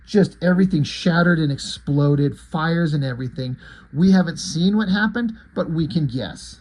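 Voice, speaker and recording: A man's voice: a little high, normal speed, a little mellow. A man casually retelling a comic book's plot in an enthusiastic, rambling way. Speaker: comic book reviewer.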